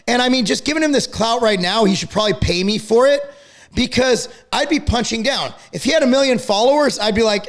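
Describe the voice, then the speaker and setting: A middle-aged man ranting to camera about a feud, angry, profane and worked up to the point of yelling. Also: extremely high pitch, a little fast. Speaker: fitness company owner and channel host.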